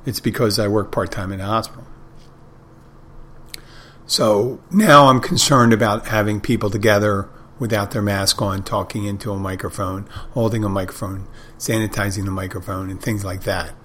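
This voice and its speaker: A man's voice: lowish voice, fairly even intonation, normal speed, a bit bright, slight background noise. A middle-aged man hosting a podcast, telling wry, rambling anecdotes in a casual monologue. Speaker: podcast host.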